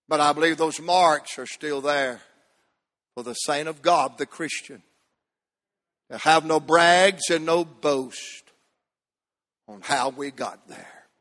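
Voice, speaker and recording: A man preaching a sermon, rising to shouts and dropping to near whispers. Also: a little high. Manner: Southern preaching cadence, swinging from shouts to hushed tones. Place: church sanctuary. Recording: long hall reverb.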